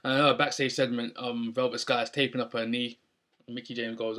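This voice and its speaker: A man's voice: mid-range voice, flat delivery, fast, pushed and bright. A young man recapping a wrestling show in a casual, rambling way with lots of ums. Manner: rambling, many ums and restarts.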